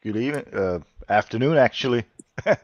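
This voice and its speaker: A man's voice: mid-range voice, expressive, brisk, highs cut off, crowd noise. A man joining a live stream as a guest on a video call, cheerful and a bit hesitant. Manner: cheerful, hesitant, laughs easily. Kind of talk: casual chat. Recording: noisy video call audio.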